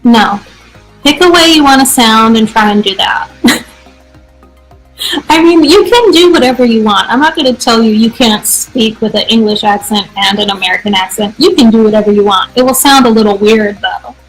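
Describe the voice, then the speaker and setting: A woman's voice: a little high, normal speed, faint music behind, low-quality recording. Upbeat, reassuring woman hosting live. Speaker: English teacher hosting a live Q&A. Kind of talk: live casual Q&A.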